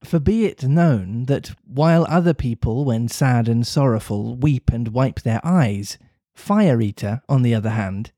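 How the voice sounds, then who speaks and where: A man's voice: mid-range voice, animated, a little slow, few pauses, warm tone, no echo, studio quality. A man hosting a podcast, reading a children's book aloud and chatting in a self-mocking way. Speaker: podcast host, reader. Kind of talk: storybook reading and casual chat.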